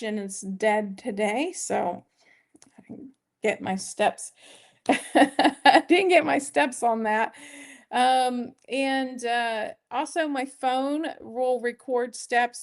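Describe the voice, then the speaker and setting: A chatty middle-aged woman talks straight to her viewers in a relaxed vlog. Her voice sits a little high for a woman. She rambles, circles back and fixes her own slips as she goes. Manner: chatty and rambling, with many fillers and self-corrections. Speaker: weight-loss vlogger. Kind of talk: casual vlog chat, reading viewer questions.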